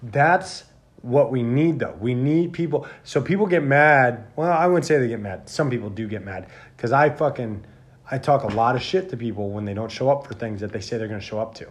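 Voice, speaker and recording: A blunt man hosting a casual podcast, swearing freely as he makes his points. His voice sits in an ordinary middle pitch, and his talk is plain and emphatic. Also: a little fast. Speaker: podcast host. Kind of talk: casual chat.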